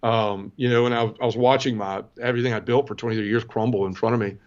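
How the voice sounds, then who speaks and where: A man in his forties tells his conversion story as a podcast guest, earnest and emotional, often breaking off and restarting. He talks quickly at a middling pitch. The recording sounds dull and lo-fi. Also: steady tone, a little mellow. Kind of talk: personal testimony storytelling.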